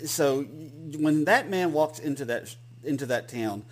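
A man's voice: a little high, lively intonation, normal speed. A man with a Southern accent, co-hosting a podcast in casual, rambling chat with many restarts. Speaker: podcast co-host.

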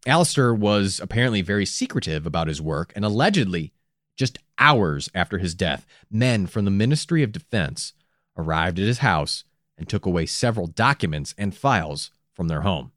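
A man co-hosting a casual true-crime podcast, his pitch rising and falling in an animated way as he tells the story. He breaks off for wry, profane asides. The sound is dry and close. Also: moderate pace, no room sound. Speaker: podcast co-host.

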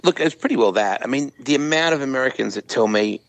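Gravelly Australian man, animated storyteller. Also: medium pitch, fast, no echo, rough recording. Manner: animated storyteller, frequent fillers. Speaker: guest. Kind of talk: casual interview chat.

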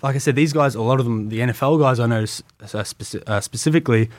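A man's voice: medium pitch, fast, no room sound. A man with an Australian accent, telling his story as an interview guest in a rambling way, full of "like.". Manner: rambling, many "like" fillers. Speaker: guest, wrestling tryout athlete.

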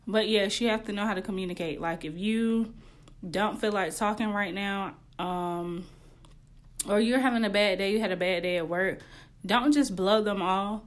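A woman's voice: medium pitch, normal speed. A young woman hosting a podcast, giving casual relationship advice in a candid, slangy way and laughing often. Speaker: podcast host.

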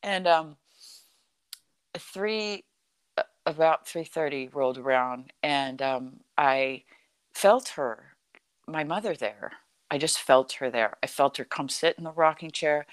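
A middle-aged woman telling a personal story in a conversation, animated and full of "like" and "you know". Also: deep voice, unhurried, clean tone, no room sound. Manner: animated, acts out quoted dialogue, frequent "like" and "you know".

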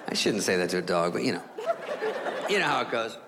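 A man performing a stand-up routine, rambling through a story with lively acted-out voices. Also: fairly low pitch, fast, long reverb tail, music in the background. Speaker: stand-up comedian.

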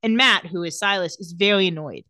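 A woman's voice: fairly low pitch, a little fast, pushed and bright, dry recording, studio quality. A woman in casual chat, recapping TV scenes and acting out the characters' lines. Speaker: podcast co-host recapping a TV episode.

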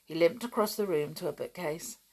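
Gravelly woman reading a children's book. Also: on the low side, fairly quick, a little mellow. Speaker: podcast reader.

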